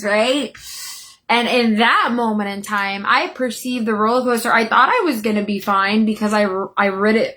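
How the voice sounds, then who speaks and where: A woman in her thirties telling a personal story to her viewers in a casual, chatty way, acting out her own excited and scared exclamations. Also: a little high. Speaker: vlogger.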